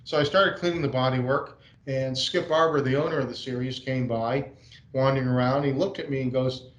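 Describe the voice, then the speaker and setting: A man's voice: medium pitch, steady tone, brisk, roomy sound, low-quality recording. A middle-aged American man casually telling a rambling anecdote on a video call. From USA. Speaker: guest speaker, race car designer. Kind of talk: relaxed storytelling Q&A.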